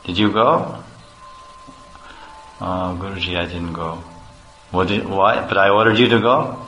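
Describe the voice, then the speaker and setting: A stern but kindly older spiritual master, acted by a male preacher who presses his pupil with firm, repeated questions. His voice is low and deep, with a bright, forceful tone. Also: a little slow, roomy sound, faint music behind, heavily acted, rough recording.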